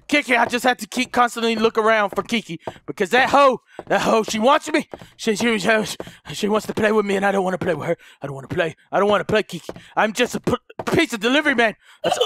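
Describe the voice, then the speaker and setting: A man commentating a horror game, panicking loudly, swearing and laughing. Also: high-pitched, lively intonation, fast talker. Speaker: gamer commentator. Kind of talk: let's play commentary.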